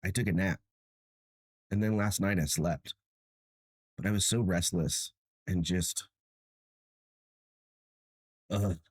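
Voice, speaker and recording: Man, husky, low, tired, chatty, self-mocking, dry close sound. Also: slow, long pauses, no echo. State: tired and achy. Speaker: livestream host. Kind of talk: casual chat with viewers.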